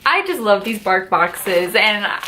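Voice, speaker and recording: A woman's voice: mid-range voice, very animated, a little slow, sharp tone, a little hiss or hum. Gushing, chatty woman vlogger. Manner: gushing, chatty, lots of "like" and "just". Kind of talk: casual haul and unboxing vlog.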